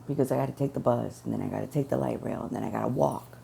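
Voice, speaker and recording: Gravelly low-voiced woman giving testimony. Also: racing, mellow, slight background noise. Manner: earnest, repetitive storytelling, quoting prayers. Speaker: testimony speaker. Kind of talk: personal religious testimony.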